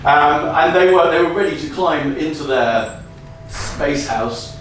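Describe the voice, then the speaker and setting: A man telling an improvised comic story on stage, energetic and often laughing as he riffs on audience prompts. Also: fairly high pitch, unhurried. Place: comedy venue stage. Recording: echoey room from far off, faint noise.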